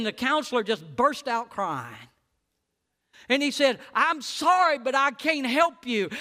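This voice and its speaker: A man preaching a sermon. He swings between hushed, low lines and loud, high-pitched preaching. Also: in a large hall.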